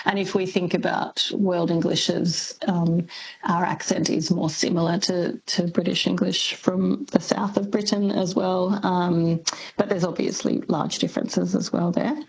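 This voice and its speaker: A woman's voice: fairly low pitch, flat delivery, unhurried, gravelly, a little mellow, breathy edge, rough recording. A woman linguist as a radio guest, explaining thoughtfully with many ums. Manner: thoughtful, lots of ums, laughs easily. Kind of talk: radio interview.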